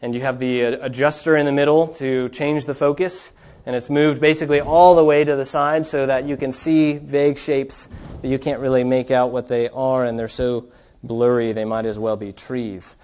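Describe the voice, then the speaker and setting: A man preaching a sermon in an earnest, steady way, telling stories to his congregation. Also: mid-range voice, moderate pace, clear, resonant tone. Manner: earnest preaching, reads quoted account with rising fervor. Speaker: pastor.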